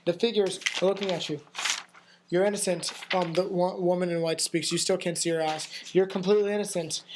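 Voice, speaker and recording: A man's voice: sits high, fairly even intonation, fairly quick, darkish tone, slight background noise. A young man narrating a tabletop game as game master, often restarting his sentences with ums as he describes scenes. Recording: echoey room.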